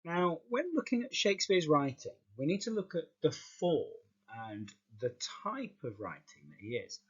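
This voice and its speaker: Lively stop-start teacher, husky voice. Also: male voice, on the high side, normal speed, highs cut off. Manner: lively, stop-start explaining with repeated words. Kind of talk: classroom lesson explanation.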